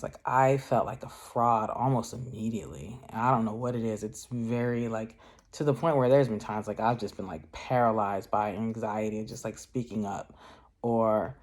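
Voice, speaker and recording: A man talking in a loose, rambling way for his craft vlog, peppering his speech with fillers and breaking into laughter now and then. His voice sits in a middle pitch, neither high nor low, and his tone stays conversational and unscripted. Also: darkish tone. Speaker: craft vlogger. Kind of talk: casual chatty vlog.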